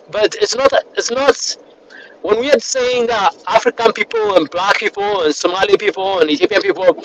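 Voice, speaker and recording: High, lively man talking from a car. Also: vocal fry. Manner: rambling, many fillers and restarts. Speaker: panel participant. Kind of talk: casual discussion on a call. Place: in a moving car. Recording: noisy car call audio.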